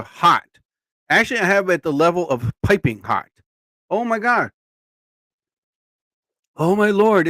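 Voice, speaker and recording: A man's voice: on the high side, a bit bright, no room sound. A man hosting his own live show, chatting casually and rambling with frequent exclamations. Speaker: host. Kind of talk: casual livestream chat.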